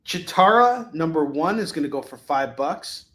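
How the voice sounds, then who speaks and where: Guy running a live comic sale, cocky and jokey, bright voice, roomy echo. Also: fairly high pitch, animated. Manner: boastful, joking, rapid item calls. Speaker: live comic shopping show host. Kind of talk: live sales pitch.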